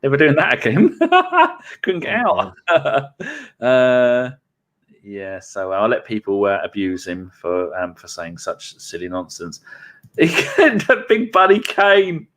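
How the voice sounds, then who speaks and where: Man, middle pitch, podcast host, reads chat comments, laid-back, swears. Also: big pitch swings, slow, a bit bright. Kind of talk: casual live podcast chat.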